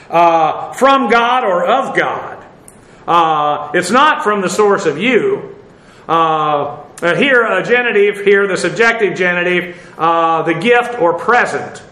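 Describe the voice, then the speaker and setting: Male Bible teacher, high voice, rambling and filler-heavy, recorded in a roomy space. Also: pushed and bright. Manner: rambling, with many "uh" fillers, spelling out Greek words. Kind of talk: verse-by-verse Bible lesson.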